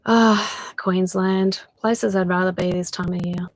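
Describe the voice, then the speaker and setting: A tired woman with an Australian accent, chatting casually with viewers on a livestream, laughing often and trailing off into soft asides. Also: on the low side, fairly even intonation, unhurried, dry recording, poor audio. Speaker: channel host doing a livestream. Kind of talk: casual live chat with viewers.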